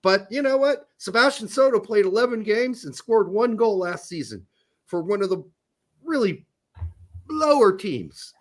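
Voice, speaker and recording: Animated high-voiced man, rambling. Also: measured pace. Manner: rambling, profane, joking. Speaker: podcast co-host. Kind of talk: casual soccer podcast chat.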